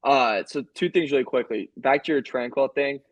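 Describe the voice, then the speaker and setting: A man's voice: medium pitch, moderate pace, no echo, rough recording. A man co-hosting a sports podcast, telling rambling, joking stories in casual chat. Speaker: podcast co-host.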